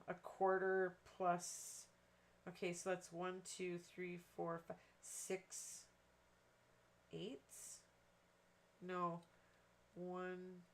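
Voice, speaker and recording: A woman's voice: mid-range voice, a little hiss or hum. Woman, craft livestream host, chatty, rambling, self-deprecating, casual demo. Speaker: card-making livestream host.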